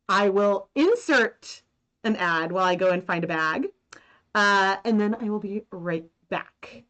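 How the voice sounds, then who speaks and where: A woman's voice: mid-range voice, measured pace, fairly bright tone. A woman in her thirties hosting a casual knitting live stream from home, talking in a rambling way with many fillers. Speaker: knitting and yarn-dyeing host.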